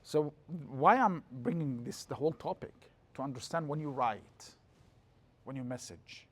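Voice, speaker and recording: A middle-aged man giving a classroom lecture as a religious teacher, explaining lively and breaking into quick chanted scripture passages. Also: mid-range voice.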